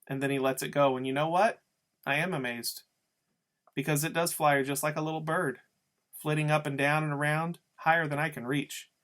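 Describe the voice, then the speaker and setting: A man's voice: mid-range voice, fairly bright tone. A man reading a novel aloud as an audiobook, telling the story in a casual first-person voice. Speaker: audiobook reader.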